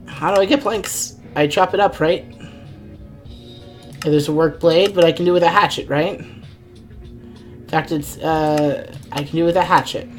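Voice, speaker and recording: A woman's voice: deep voice, fairly even intonation, normal speed, long pauses, faint music behind. A woman streaming a game live, rambling and thinking aloud, often exasperated at what happens on screen. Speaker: gaming streamer. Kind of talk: live let's-play commentary.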